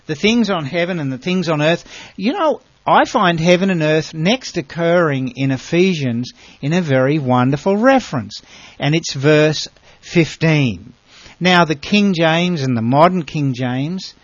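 A man's voice: fairly high pitch, no room sound, muffled recording. Emphatic man teaching a Bible lesson. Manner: earnest, emphatic, asks rhetorical questions.

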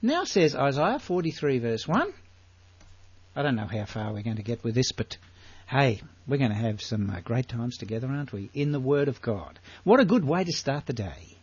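An older man with an Australian accent teaching the Bible in a sermon, full of rhetorical questions and drawn-out emphasis. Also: medium pitch, sing-song, a little mellow, husky, no echo, muffled recording.

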